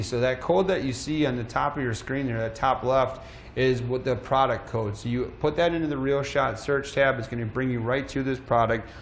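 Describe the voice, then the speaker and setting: A man hosting a live shopping show, pitching deals in an energetic, emphatic sales voice, slightly out of breath. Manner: energetic, emphatic promo delivery.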